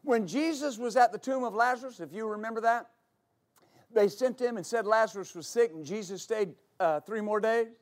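High-pitched man preaching a sermon. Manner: explains slowly, then builds to shouting. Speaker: pastor.

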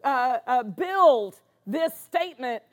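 A woman's voice: sits high, lively intonation, slow. A woman pastor preaching a sermon, driving points home by repeating words for emphasis.

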